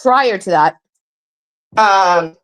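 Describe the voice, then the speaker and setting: A woman's voice: mid-range voice, animated, drawn-out words, fairly bright tone. A woman telling a long story in casual chat, rambling with many fillers, swearing freely and acting out what others said. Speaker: guest recounting a story.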